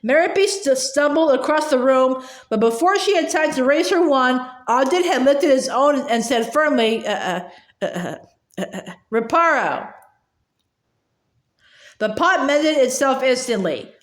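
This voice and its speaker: A woman reads a novel aloud in a high, light voice, stumbling and restarting words with drawn-out "uh" pauses between lines. Her room gives the recording a clear echo. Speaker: audiobook reader. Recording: echoey room.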